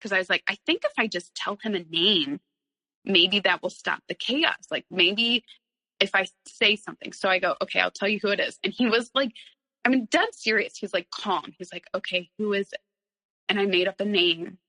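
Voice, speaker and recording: A woman's voice: mid-range voice, normal speed, sharp tone, big-room sound, rough recording. A woman in her thirties, a guest on an interview show, telling her own story candidly, rambling with many fillers and nervous little laughs.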